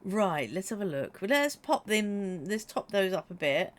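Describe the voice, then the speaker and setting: A British woman with a mid-range voice and big pitch swings streams a game at a measured pace, chatting casually with viewers. She has a runny nose, jokes a lot, and reads out and answers chat messages.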